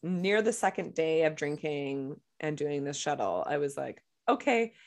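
A woman, co-hosting a casual chat podcast, talkative and quick to laugh. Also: low-pitched. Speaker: podcast co-host.

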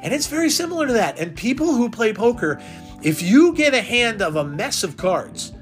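A man's voice: very high voice, sing-song, moderate pace, soft background music. A man hosting a solo podcast, talking off the cuff and rambling, with frequent restarts and repeated words. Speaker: podcast host. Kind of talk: unscripted solo podcast talk.

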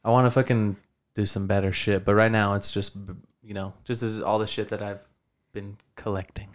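A man's voice: on the low side, little pitch movement, moderate pace. A profane, rambling young man. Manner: profane, rambling, says dude a lot. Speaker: podcast host. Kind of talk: casual podcast chat. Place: home podcast studio.

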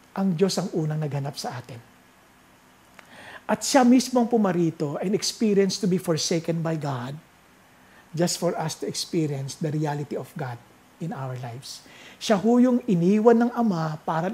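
A preacher with a Filipino accent at the pulpit, moving between Tagalog and English. The voice sits at a middle pitch, rising into loud exclamations and then dropping to a hushed, slow reading of scripture. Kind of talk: sermon mixing Tagalog and English.

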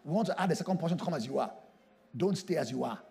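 Male pastor, husky voice, animated swings between quiet and shouting. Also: a little high, rapid-fire. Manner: emphatic preaching, swings from hushed to shouting. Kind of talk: sermon.

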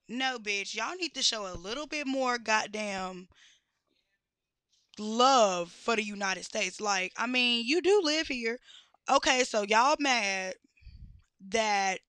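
Woman, high voice, bright tone, blunt profane rant, exasperated questions. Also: dry recording. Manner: blunt, exasperated, heavy cursing, rhetorical questions. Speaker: podcast host.

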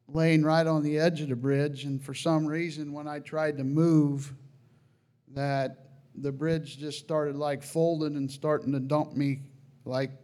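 Earnest man telling a dream testimony. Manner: earnest, halting storytelling with many restarts; rises high and loud at emotional peaks. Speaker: Christian sharing a testimony. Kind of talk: personal testimony.

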